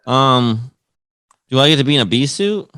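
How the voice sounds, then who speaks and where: A man's voice: medium pitch, animated, normal speed, bright, forceful tone, clean tone, no room sound. A man co-hosting a comedy podcast, chatting casually and reasoning his answers out at length. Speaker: podcast co-host. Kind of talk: casual banter.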